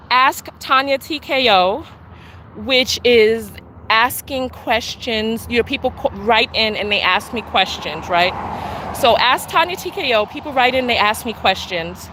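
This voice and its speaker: Out on an outdoor walk, a woman who vlogs and hosts a podcast chats on a live stream through a handheld camera. Her fairly high, bright voice is forceful, breathless and sassy, and she laughs while talking back to commenters, with slight background noise.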